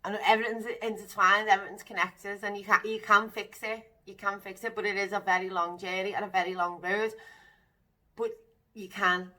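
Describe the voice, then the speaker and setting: A woman candidly recounting a personal experience to camera, vivid and emotional, sometimes dropping into breathy whispers. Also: mid-range voice, level tone, fairly quick, sharp tone. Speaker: vlogger sharing personal experience.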